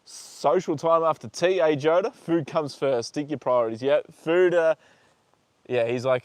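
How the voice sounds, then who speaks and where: Here an Australian livestream host talks a little slowly in a smooth, darkish voice on the high side, with no echo. Out in a horse paddock, he chats to viewers, reads their comments aloud, talks fondly to his horses, and swears casually.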